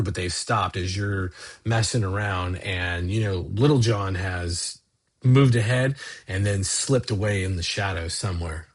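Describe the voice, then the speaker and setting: A man running a tabletop game, laying out the scene in a loose, rambling flow. His voice is low and husky, a little rough around the edges. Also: fairly bright tone. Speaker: game master.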